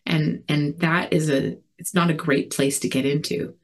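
A woman giving a personal recovery share, earnest and reflective, talking in a halting way with many fillers and restarts. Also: deep voice, fairly even intonation. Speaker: recovery community speaker.

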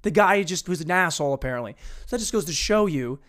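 A man's voice: a little high, fast. A man casually retelling a radio story with swearing and put-on voices. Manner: casual, profane, animated retelling. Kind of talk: comedic storytelling.

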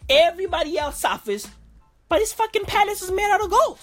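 A woman's voice: very high voice, sing-song, a little fast, a bit bright, faint music behind. A woman reading aloud and riffing with slangy, profane comic commentary.

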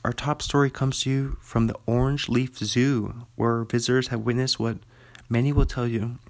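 A man's voice: medium pitch, fairly even intonation, moderate pace, lightly acted. A man playing a showy male TV news anchor, reading long mock-formal sentences.

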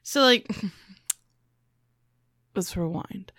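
A woman's voice: medium pitch, expressive, drawn-out words, fairly bright tone, no room sound, clean studio sound. A woman co-hosting a casual movie recap chat, retelling scenes wryly with frequent laughter. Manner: wry, laughing storyteller. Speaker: podcast co-host.

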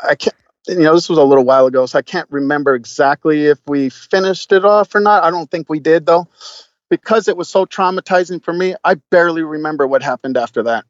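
Profane, animated man telling a story. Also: on the high side, fast, dry recording, highs cut off. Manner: profane, animated, lots of fillers and restarts. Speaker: podcast guest. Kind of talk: casual storytelling.

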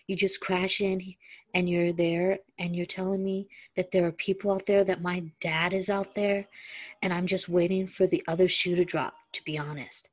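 A woman reading the lines of a weary, lonely young man who snaps quietly. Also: fairly low pitch, close to an everyday voice, rough recording.

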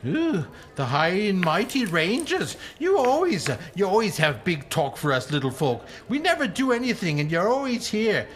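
A man voicing a shifty, smelly male halfling thief with a squeaky, whiny voice. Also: sing-song, normal speed, few pauses, a bit bright. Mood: sneering.

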